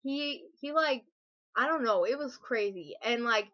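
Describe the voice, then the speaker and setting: A teenage girl vlogging, telling an excited personal story full of fillers, gushing and breathless, with sudden shrieks. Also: on the high side, a little slow. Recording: dull lo-fi webcam audio.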